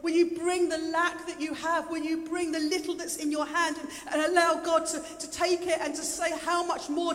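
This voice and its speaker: A woman's voice: high voice, level tone, moderate pace, few pauses. A woman preaching a sermon to a congregation, passionate and repetitive, leading call-and-response. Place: church hall with congregation. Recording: echoey hall.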